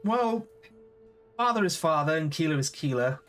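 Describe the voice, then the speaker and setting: A dry, teasing young woman, voiced by a man running a tabletop game. She speaks in a fairly high, easy tone and sounds matter-of-fact. Faint music runs behind her. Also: animated, normal speed, fairly bright tone. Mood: wry.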